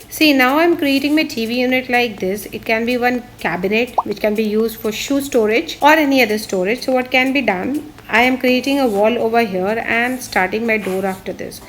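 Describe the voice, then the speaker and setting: A woman's voice: on the high side, moderate pace, hardly any pauses, slight background noise. Woman architect explaining a floor plan. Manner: explains step by step, pointing out spots on a drawing. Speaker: architect and interior designer. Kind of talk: instructional walkthrough of a floor plan.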